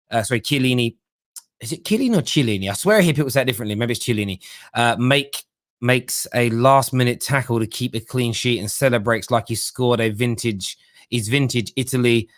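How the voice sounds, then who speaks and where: A man's voice: medium pitch, a bit bright, no echo, clean studio sound. A man hosting a live football call-in show, chatting and reading out viewer comments. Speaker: host.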